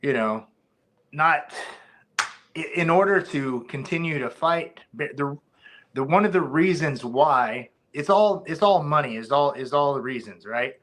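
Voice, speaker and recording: A man's voice: a little high, expressive, unhurried, a bit bright. A man, a former fighter, talking casually as a podcast guest, rambling with many restarts.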